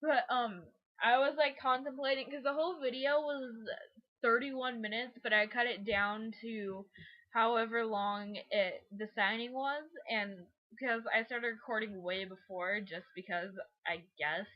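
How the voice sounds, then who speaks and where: Young woman vlogger, high voice, loose rambling chat to camera. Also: fairly even intonation, unhurried, lo-fi sound. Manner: rambling, chatty, lots of fillers. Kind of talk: casual vlog narration.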